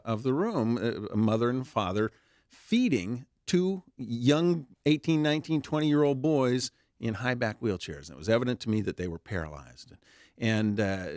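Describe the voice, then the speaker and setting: A man's voice: medium pitch, gravelly, dry recording, studio quality. A man, an author and founder of a therapy dog charity, telling stories as an interview guest, with lots of fillers and restarts. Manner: warm anecdotal telling with many fillers and restarts.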